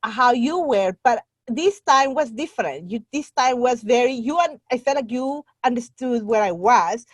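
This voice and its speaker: Her voice a little high with lively intonation, a Guatemalan woman talks at normal speed with few pauses, earnest and heartfelt. She's a native Spanish speaker with a Guatemalan Spanish accent, guesting on a casual podcast as a membership site owner, recorded with no room sound.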